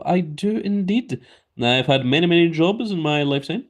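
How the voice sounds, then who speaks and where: A man's voice: on the high side, animated, moderate pace. A Scottish man live streaming in a casual way, reading viewer comments aloud and chatting back. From Scotland.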